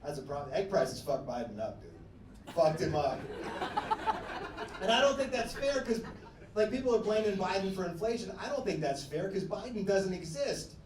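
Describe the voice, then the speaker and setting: High-voiced man doing stand-up. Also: lively intonation, moderate pace, distant mic. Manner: loose, profane, riffing with crowd laughter. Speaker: stand-up comedian. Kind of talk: stand-up comedy set. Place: comedy club stage. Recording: echoey venue, mic heard from afar, noisy.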